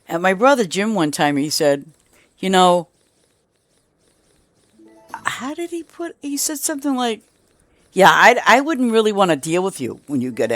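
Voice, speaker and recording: A woman's voice: on the low side, no echo. A middle-aged woman streaming a game, chatting casually in a rambling way with many restarts and asides.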